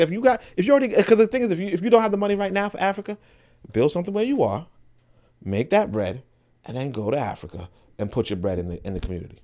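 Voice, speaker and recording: A man hosting a podcast, talking in an animated, casual way with frequent restarts and asides to listeners. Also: high-pitched, very fast. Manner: laughs and asks listeners for agreement. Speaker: podcast host. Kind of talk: casual monologue.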